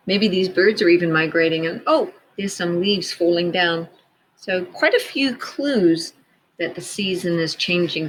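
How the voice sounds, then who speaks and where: A woman teacher reading a picture book aloud to children, gently pointing out details in the pictures as she goes. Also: fairly low pitch, slight background noise, low-quality recording.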